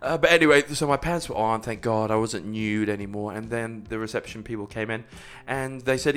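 A young man in casual podcast chat, telling an animated story and jumping into high voices for quotes. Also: fast talker, smooth.

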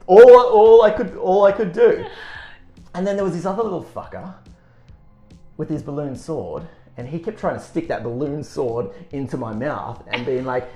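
A man telling a story in casual chat, animated and swearing, acting out voices. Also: a little high, moderate pace. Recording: roomy echo, faint music.

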